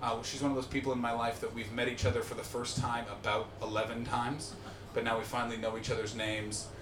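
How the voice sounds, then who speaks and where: A man hosting a live comedy podcast in front of an audience, ranting and swearing, swinging from muttered asides to shouting. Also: medium pitch, level tone, fast talker, background noise. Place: live show venue with audience. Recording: echoey live venue.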